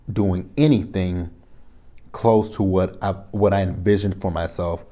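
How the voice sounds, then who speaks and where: A man's voice: deep voice, dark tone. A man, reviewing a reality show in a casual, rambling vlog from his home studio. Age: 30s. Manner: rambling, self-correcting, retells conversations.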